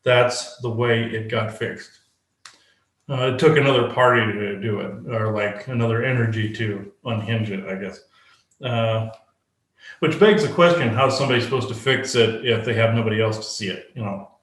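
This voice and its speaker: Halting man channeling in a roomy space. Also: on the low side, fairly bright tone. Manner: halting, searching speech. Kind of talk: casual spoken channeling session. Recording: roomy echo.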